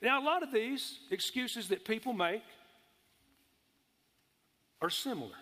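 A man's voice: extremely high pitch, expressive, a little slow, pushed and bright, in a large hall. A man preaching a sermon, emphatic, calling for amens and stretching out key words.

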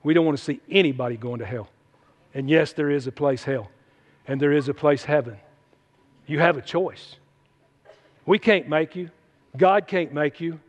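A middle-aged man, preaching a folksy, emphatic sermon and dropping into quiet asides. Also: a little high, normal speed, long pauses. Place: church hall. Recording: long hall reverb.

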